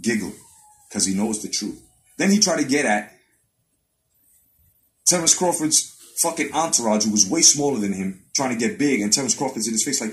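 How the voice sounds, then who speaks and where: A man hosting a live boxing stream in a heated, swear-laden rant. His pitch sits in the middle range for a man, and he circles back over and over to drive each point home. He sounds like he is talking straight into a webcam mic. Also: animated, fairly quick, poor audio. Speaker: boxing commentary host.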